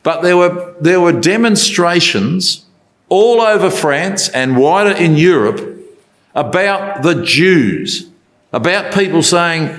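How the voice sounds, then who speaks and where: A man's voice: on the high side, lively intonation, a little slow. A man giving a Bible talk in a conversational way, asking rhetorical questions as he tells the story. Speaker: Bible speaker.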